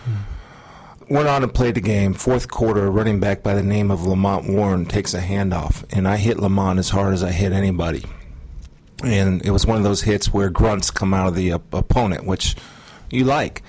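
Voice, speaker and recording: A middle-aged man earnestly recounting a personal testimony in an interview, measured and pausing often. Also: deep voice, fairly even intonation, darkish tone. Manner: earnest, measured storytelling with frequent pauses. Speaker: guest sharing testimony.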